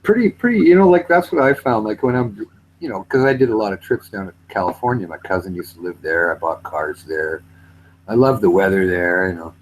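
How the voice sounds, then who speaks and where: A man chats in a rambling, easygoing way, his voice sitting low. A faint hum runs under the recording. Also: rough recording. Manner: rambling, mimics accents for laughs. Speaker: retired railway worker. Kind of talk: casual chat.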